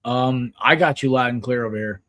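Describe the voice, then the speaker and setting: A man's voice: mid-range voice, brisk. Rambling casual sports podcast host man. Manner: rambling, filler-heavy, excitable.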